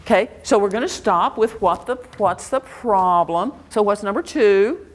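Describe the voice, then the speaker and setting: A woman's voice: mid-range voice, normal speed, background noise. A woman educator giving an interactive workshop lecture, quizzing her audience with a string of questions in a room before a live audience.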